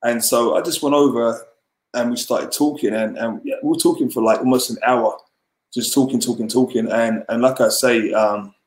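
A man's voice: medium pitch, steady tone, moderate pace. Rambling man telling a story, roomy sound. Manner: rambling, with many fillers and restarts. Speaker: podcast guest. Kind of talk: casual storytelling. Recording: roomy echo.

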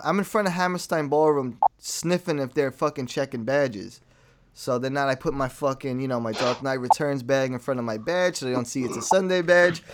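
New dude telling a wild story, swears a lot, noisy room with clicks. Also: male voice, fairly high pitch. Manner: animated, profane, acts out quotes. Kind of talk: casual storytelling chat.

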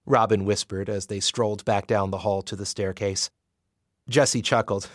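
A man narrating a romance audiobook in an expressive, measured way. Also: on the low side, dry recording, clean studio sound.

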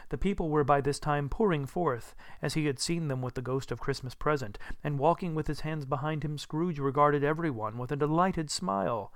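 An audiobook narrator expressively reads a classic story as scripted narration. His voice is on the high side, recorded in a clean studio with no echo.

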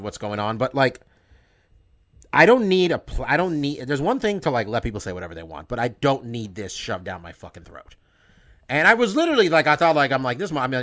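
Male podcast host, fired up, profane, bright forceful tone, stumbles and restarts. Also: medium pitch. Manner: emphatic, profane, with many restarts. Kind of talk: heated podcast monologue.

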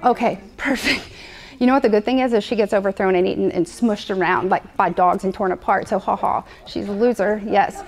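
A woman's voice: mid-range voice, steady tone, fairly quick. A woman preaching a sermon to a live congregation, conversational and playful, repeating her points often. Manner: conversational, repetitive, playful asides.

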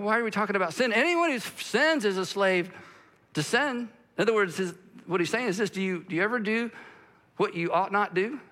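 Man, pastor, sermon, animated, acts out quotes, high voice.

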